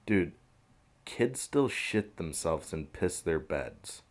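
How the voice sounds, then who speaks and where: A young man rambles through the news in a relaxed, rambling podcast chat, cursing freely and chuckling at his own points. His voice sits very low, and he takes his time with every sentence. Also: slow. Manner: laid-back, rambling, laughs often, swears. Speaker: podcast host. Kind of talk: casual commentary on news.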